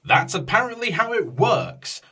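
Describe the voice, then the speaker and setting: Exasperated man ranting, husky voice. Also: high voice, sing-song, measured pace, bright, forceful tone, recorded from a distance. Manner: exasperated, swearing, many restarts and quoted voices. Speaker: YouTuber telling a story. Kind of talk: casual storytime rant.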